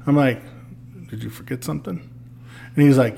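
A man, a podcast guest, telling a story in a casual, lively way, acting out what people said with swearing and laughs. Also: medium pitch, fast, gravelly, a little hiss or hum. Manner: animated, acts out quoted lines with swearing and laughs.

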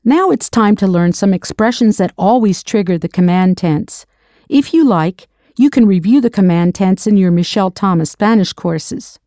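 A woman's voice: medium pitch, lively intonation, normal speed, warm tone, dry recording, studio quality. A woman narrating a scripted audio language lesson as the teacher. She patiently prompts drill questions and then confirms the answers.

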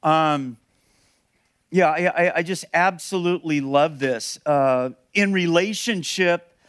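A man's voice: on the high side, slow pace, fairly bright tone, clear, resonant tone, no echo, clean studio sound. A man preaching a sermon as pastor, earnest and emphatic, repeating key phrases and restarting sentences.

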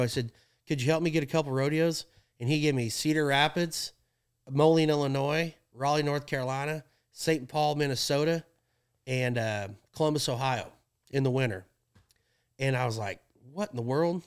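A young man casually telling stories about his rodeo work, animated and often laughing as he acts out what people said. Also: a little high, moderate pace, clear, resonant tone. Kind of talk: casual storytelling chat.

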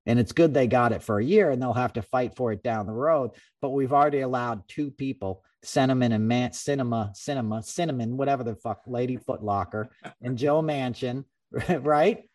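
A man hosting a podcast in casual political chat, rambling and animated, with many restarts and swearing. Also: mid-range voice, moderate pace, far from the mic. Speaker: podcast host.

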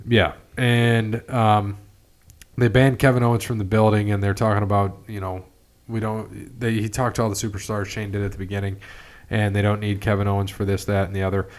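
A man in a relaxed podcast chat, speaking in a slightly low voice. He rambles, restarts sentences and leans on fillers as he recaps events. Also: a little fast. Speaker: podcast host. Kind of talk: casual chat.

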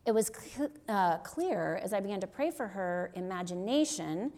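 With a mellow, medium-pitched voice and animated delivery at normal speed, a middle-aged woman teaches on deliverance ministry. The sermon-style talk is earnest and conversational, peppered with rhetorical "right?" as she checks in with her audience.

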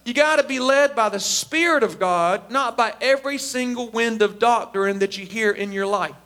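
A man preaching a sermon as a pastor, emphatic and animated. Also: very high voice, normal speed. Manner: animated, emphatic, acts out quotes.

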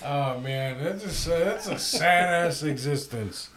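A man's voice: a little high, unhurried, a bit bright, slight background noise. A man co-hosting a comedy podcast, talking in casual, profane, joking banter. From Akwesasne. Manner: profane, joking, puts on silly accents. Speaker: podcast co-host.

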